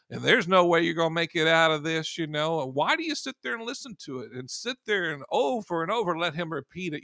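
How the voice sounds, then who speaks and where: Gravelly, bright-voiced male preacher. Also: high voice, no echo, clean studio sound. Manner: conversational, many "you know" fillers, emphatic rises. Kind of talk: informal sermon.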